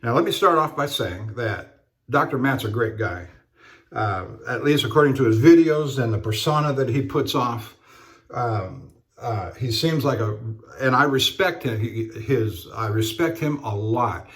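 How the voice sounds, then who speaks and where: A man talking casually while he shaves, in a halting, rambling way with many fillers and restarts. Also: medium pitch, expressive, fairly bright tone. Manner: rambling storyteller. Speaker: straight razor shaving vlogger. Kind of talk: casual talk while shaving.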